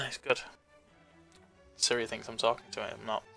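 A man's voice: medium pitch, monotone, moderate pace, creaky, sharp tone, no echo, faint music behind. A man hosting a tabletop game online, chatting casually and telling story asides between laughs. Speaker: game host.

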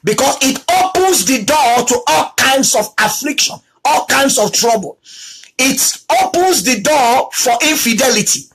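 A preacher giving a talk on abuse in marriage, repeating key lines for emphasis and acting out quoted spouses in a lower voice. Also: expressive, unhurried, fairly bright tone, faint music behind, poor audio. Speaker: teacher on marriage.

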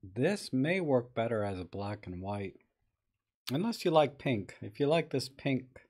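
A man's voice: mid-range voice, sing-song, unhurried, a little mellow. A man hosting a live stream, talking casually and thinking aloud as he edits viewers' photos and greets people in the chat.

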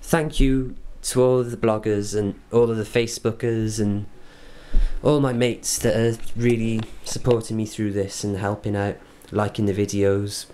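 A Welsh man speaking earnestly in a reflective video diary, halting and restarting as he thinks. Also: on the low side, little pitch movement, dark tone, slight background noise. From Wales. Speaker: vlogger.

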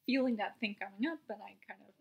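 A young woman talking candidly in a personal vlog about a meditation practice, unguarded, laughing and swearing now and then, her voice often sinking to a soft near-whisper. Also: medium pitch, fast, vocal fry, slightly rough, muffled recording. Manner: swearing and laughing as she talks. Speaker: vlogger sharing a meditation practice.

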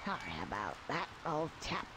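Conker, a cheeky squirrel. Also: male voice, on the high side, sing-song, normal speed, heavy background noise. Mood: tipsy. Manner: chatty storyteller, slurring and groggy when drunk. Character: cheeky young male red squirrel, tipsy and rambling. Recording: game audio with music behind.

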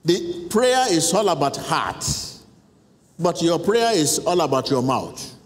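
A man's voice: fairly high pitch, sing-song, takes it slowly. A man preaching a sermon in a large church, emphatic and repetitive, guiding a congregation in prayer. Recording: echoey hall with faint noise.

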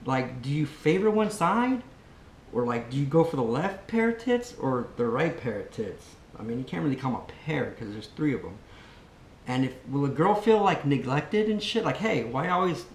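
A man's voice: mid-range voice, a little hiss or hum. Rambling, crude-joking man in an echoey room. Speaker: vlog host. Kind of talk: casual vlog chat.

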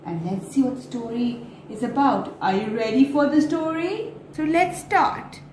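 A woman telling a story to young children in an animated, sing-song way, with gasps and exclamations. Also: sits high, measured pace. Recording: echoey room, faint background noise.

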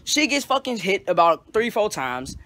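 A young man telling a story in a casual, animated and profane way, full of slang. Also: sits high, normal speed, no room sound. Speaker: storytelling vlogger.

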